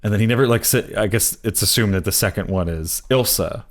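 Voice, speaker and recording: A man's voice: lowish voice, fairly quick. A man co-hosting a casual movie review podcast, rambling with lots of fillers and restarts. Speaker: podcast co-host.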